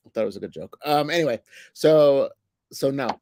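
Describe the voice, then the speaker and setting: A man's voice: medium pitch, lively intonation, brisk, dark tone, a little hiss or hum. Meandering man in casual chat. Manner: meandering, hesitant, many fillers. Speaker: co-host, writer.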